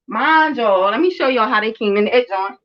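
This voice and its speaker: A woman's voice: a little high, lively intonation, normal speed, muffled recording. A woman around thirty, a mother and show host, telling a story in casual chat with blunt, emphatic and heavily profane talk. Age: about 30.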